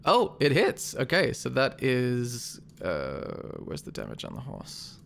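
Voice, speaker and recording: A man running a tabletop game as game master, describing combat in a relaxed, descriptive way. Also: mid-range voice, unhurried, creaky, a little hiss or hum.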